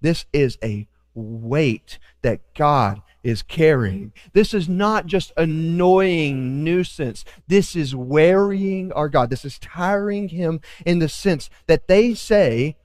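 A man preaching a sermon as pastor, animated, acting out quoted voices with joking asides. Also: a little high, takes it slowly, few pauses, in a large hall.

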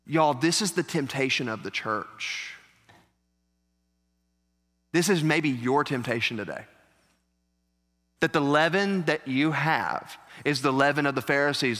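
Man pastor, animated sermon, jokey asides, ringing church reverb. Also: a little high, measured pace, long pauses. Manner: animated, joking asides to the congregation. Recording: echoey church hall.

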